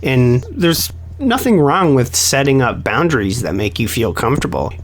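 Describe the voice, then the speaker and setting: Man, from Canada, podcast host, mid-pitched, easygoing, affirming, wordy. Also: big pitch swings, normal speed, slight background noise. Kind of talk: casual podcast interview.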